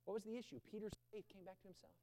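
A man preaching a sermon from a church stage, swinging between loud urgent bursts and low quiet emphasis and repeating phrases to drive them home. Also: racing. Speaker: pastor. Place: stage in a large indoor church building. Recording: long hall reverb.

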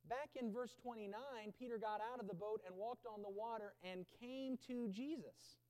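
A high-pitched male pastor delivers a sermon from the stage, his voice ringing with a long hall reverb. He swings from loud, urgent outbursts to low, hushed emphasis and repeats key phrases to drive them home. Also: normal speed. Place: stage in a large indoor church building.

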